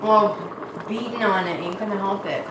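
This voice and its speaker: A woman's voice: mid-range voice, normal speed, reverberant, noisy background. A woman from Nova Scotia with a Nova Scotian accent, chatting folksily to her livestream while she cooks in her home kitchen. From Nova Scotia, Canada. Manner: folksy, drawling, chatty and self-amused. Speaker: vlogger cooking on a livestream. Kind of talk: casual livestream chat while cooking. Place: home kitchen with a pot boiling.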